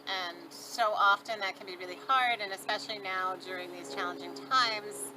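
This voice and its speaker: A middle-aged woman, a mindfulness and yoga teacher, gently guiding a mindfulness lesson outdoors on a farm. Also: medium pitch, normal speed. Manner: gentle, calm guiding with soft fillers. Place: outdoors on a farm, birds and traffic around. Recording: outdoor recording with clear background noise. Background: birdsong, distant traffic and farm sounds.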